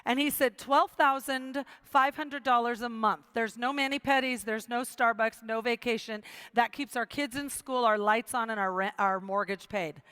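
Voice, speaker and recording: A woman's voice: on the high side, moderate pace, few pauses, a bit bright, clear, resonant tone, no echo. A middle-aged woman giving a motivational speech to a live audience, telling her story with quoted dialogue and emphatic repetition. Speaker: motivational speaker.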